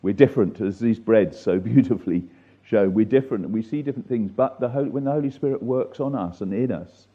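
Deep male study leader, slow deliberate scripture reading, tinny phone-quality audio. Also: mellow. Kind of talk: leading a church Bible study.

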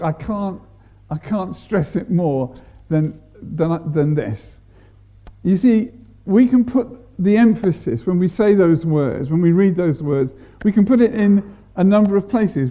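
A man preaching a sermon, deliberate, repeating and stressing words to make his point. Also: high-pitched, lively intonation, warm tone.

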